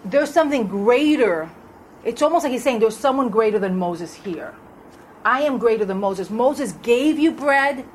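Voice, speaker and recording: A woman's voice: fairly high pitch, lively intonation, normal speed, a little hiss or hum, poor audio. A woman leading a Bible study in a conversational way, asking the group questions as she reads through verses. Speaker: Bible teacher.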